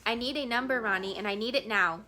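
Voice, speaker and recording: A tired, driven businessman voiced by a woman reading aloud presses with quiet urgency. The voice is bright, with a plain storytelling delivery. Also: a little high, fast, slight background noise. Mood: urgent. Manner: urgent, hushed.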